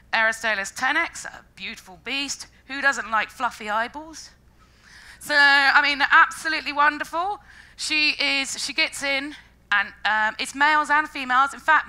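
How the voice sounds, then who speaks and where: A woman giving a lively, jokey public science talk, acting out funny quoted voices along the way. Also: high-pitched, poor audio. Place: lecture stage before an audience.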